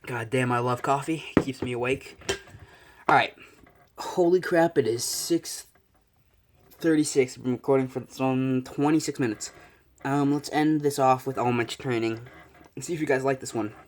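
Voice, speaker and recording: A young man improvising a fan story out loud, rambling and correcting himself, swearing casually. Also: mid-range voice, fairly even intonation, normal speed, slight background noise.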